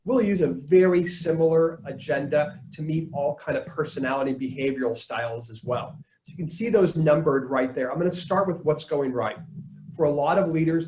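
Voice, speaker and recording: A man's voice: fairly high pitch, a little mellow. A man giving a leadership training webinar, conversational, with jokey asides to the chat. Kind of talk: webinar presentation. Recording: roomy echo.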